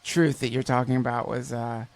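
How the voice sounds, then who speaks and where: A man hosting a podcast, chatting casually and telling stories in an animated, profane way. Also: medium pitch, moderate pace, no room sound. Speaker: podcast host. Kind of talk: casual conversation.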